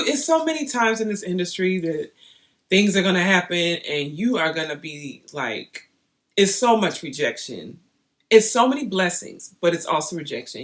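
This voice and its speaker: A young woman vlogging, chatting straight to her viewers in an animated, storytelling way. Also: fairly low pitch. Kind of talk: casual storytelling to camera.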